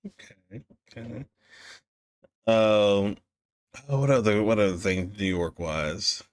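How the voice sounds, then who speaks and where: A man's voice: fairly low pitch, lively intonation, takes it slowly. A man hosting a casual podcast interview, asking hesitant questions and laughing often. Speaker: podcast host.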